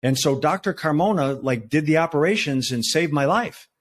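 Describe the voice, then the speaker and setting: A man in his sixties, a retired federal agent, telling his story as a podcast guest in relaxed talk with fillers and restarts. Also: on the high side, moderate pace. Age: 60s. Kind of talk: conversational storytelling.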